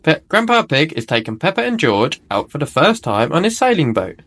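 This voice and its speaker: Expressive man reading a storybook aloud. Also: fairly high pitch, a little fast. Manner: expressive, with small self-corrections. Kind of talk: reading a picture book aloud to children.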